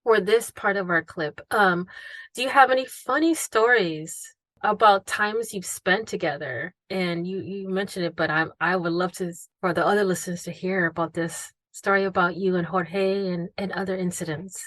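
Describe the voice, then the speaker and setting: A woman's voice: on the low side, normal speed, a bit bright, no echo. A woman hosting a podcast interview, speaking in an emphatic, indignant way. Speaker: podcast host. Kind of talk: interview conversation.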